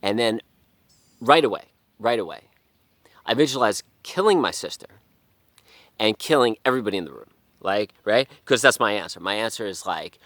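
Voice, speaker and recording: A man talking casually to camera, swearing often and rambling through restarts, sometimes sinking to a hushed whisper. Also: on the low side, expressive, moderate pace, long pauses, no echo. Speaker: vlogger. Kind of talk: casual monologue.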